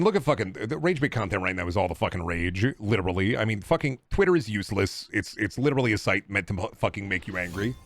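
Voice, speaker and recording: A male streamer going off on a casual comedic rant, talking fast and swearing constantly. He rambles and mocks himself along the way. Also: lowish voice. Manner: profane, rambling, self-mocking.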